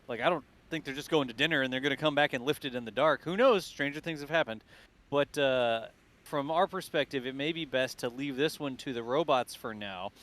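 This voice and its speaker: A man hosting live stream commentary, easygoing and thinking aloud with drawn-out phrasing. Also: mid-range voice, a bit bright. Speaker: livestream host.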